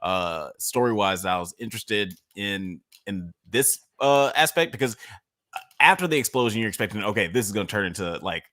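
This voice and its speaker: A man hosting a casual podcast chat, his voice on the low side and bright with a forceful edge. He recaps the plot and puts questions to the group. The sound is dry and close. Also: lively intonation, moderate pace, no echo. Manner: leads the discussion with recaps and questions. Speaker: podcast host.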